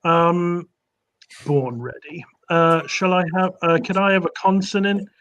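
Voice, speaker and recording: A man's voice: sits high, steady tone, measured pace, a bit bright, low-quality recording. A man from Cornwall playing in a trivia quiz over a call, dithering with lots of ums and light jokes. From Cornwall, England. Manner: dithering, filler-heavy, jokey. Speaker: quiz contestant, team captain. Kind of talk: casual chat on a call.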